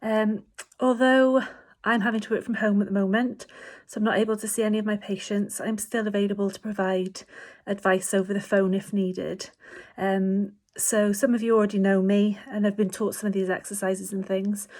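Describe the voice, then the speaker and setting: A woman speaks as a physiotherapist, calmly and reassuringly walking her patients through breathing exercises. Her voice sits in the middle of the range, and she pauses often with small fillers as she explains. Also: medium pitch. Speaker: hospice physiotherapist. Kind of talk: instructional talk to patients. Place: home.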